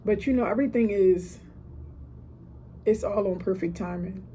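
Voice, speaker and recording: Woman, 30s, mellow, casual gratitude monologue from a hotel room. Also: medium pitch, normal speed, a little hiss or hum. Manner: emotional, preachy, asides like "listen" and "okay". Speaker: podcaster.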